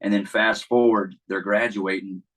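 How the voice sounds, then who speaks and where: Casting: relaxed male coach, slightly low voice, easygoing podcast talk. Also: moderate pace, rough recording. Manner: laid-back, storytelling, many fillers. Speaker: baseball coach. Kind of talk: casual podcast chat.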